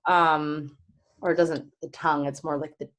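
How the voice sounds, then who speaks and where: A woman from New York joins a video call as a guest. She speaks with a slight lisp and a lowish voice, and her talk is playful and chatty. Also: flat delivery, moderate pace, a bit bright. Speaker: guest performing artist. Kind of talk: casual livestream chat.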